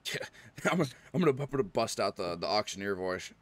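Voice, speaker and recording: A man streaming a farming game, chatting casually and rambling, often clearing his throat. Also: lowish voice, lively intonation, fast, dry recording. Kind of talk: casual live-stream chat.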